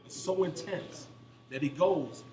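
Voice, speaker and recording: A man who is a former pro football player, telling stories in a casual sports chat and shouting out the lines of the people he quotes. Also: fairly high pitch, unhurried. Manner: animated storyteller, yells quoted lines. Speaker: former NFL player, panelist. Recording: echoey room with crowd noise.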